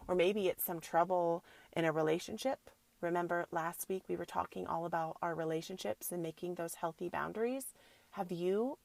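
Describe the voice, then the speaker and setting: A woman in her thirties talks on her wellness podcast in a loose, chatty way, full of filler likes, speaking straight to her listeners as soul sisters. Her voice has a gravelly fry, and it sits close and dry on the mic. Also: lowish voice, no echo. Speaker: podcast host, yoga teacher. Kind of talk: spiritual self-help podcast chat.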